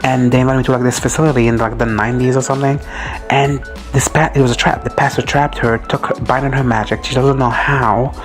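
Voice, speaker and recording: A man giving a casual recap and reaction to a show. He rambles excitably, swears freely and drops into quick quoted asides. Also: mid-range voice, music in the background. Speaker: reaction video host.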